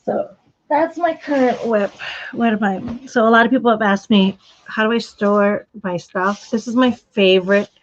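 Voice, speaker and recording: A woman's voice: mid-range voice, fairly even intonation, normal speed, muffled recording. A woman hosting a casual knitting live stream, chatting in a rambling, friendly way and answering viewers as she shows her supplies. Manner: rambling, chatty, with frequent restarts and laughs. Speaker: knitting podcast host.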